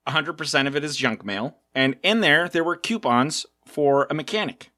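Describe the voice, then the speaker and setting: A middle-aged man from South Africa co-hosting a podcast, telling stories in a casual, animated way and acting out the voices of the people in them. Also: fairly high pitch, normal speed, no echo, studio quality. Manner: animated storyteller, acts out quotes. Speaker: co-host.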